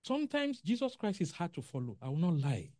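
A preacher giving a sermon in an animated way, acting out quotes and asking the congregation questions. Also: medium pitch, brisk, no echo, studio quality.

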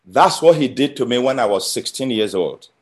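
A man preaching a sermon, emphatic, building phrases through repetition and swinging between loud and quiet. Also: medium pitch, lively intonation, moderate pace. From Nigeria. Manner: emphatic, with rising and falling intensity and repeated phrases.

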